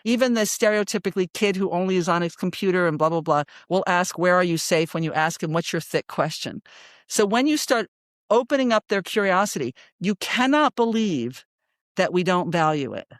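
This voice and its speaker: A woman in her sixties, a psychologist guest in an interview, telling stories in an animated, emphatic way and often checking in with "right?". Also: lowish voice, brisk, no room sound, clean studio sound. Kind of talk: storytelling in a conversational interview.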